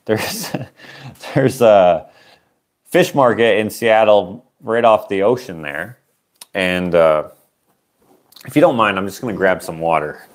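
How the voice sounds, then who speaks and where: His voice lowish and animated, a Canadian livestream auction host in his late twenties tells a meandering story at a slow pace with frequent pauses. Wearing a mic, he keeps breaking off mid-thought to chase tangents.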